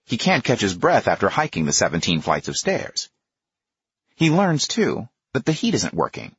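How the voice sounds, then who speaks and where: A man with a husky voice giving a measured, expressive nonfiction audiobook narration. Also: on the low side, dull audio.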